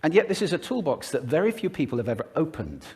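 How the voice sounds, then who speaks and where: A man gives a polished public talk on speaking, his pitch roaming widely as he demonstrates each point. He is animated and demonstrative, speeding up, slowing down and shifting volume to show what he means. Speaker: speaker on voice and communication. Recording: played from a recorded talk.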